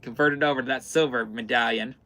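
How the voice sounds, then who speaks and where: A man's voice: medium pitch, steady tone, fairly quick, bright, forceful tone. A man hosting a live-stream fabric sale, chatting casually and repeating item numbers as he goes. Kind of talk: live-stream sales chat. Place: indoor fabric shop in the far north.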